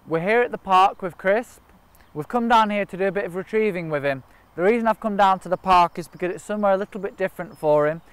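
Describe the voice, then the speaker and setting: Man, gundog trainer, fairly high voice, clear and smooth, dry close sound, step-by-step outdoor teaching. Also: no echo. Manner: practical, explains step by step. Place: outdoors in a park and by a river.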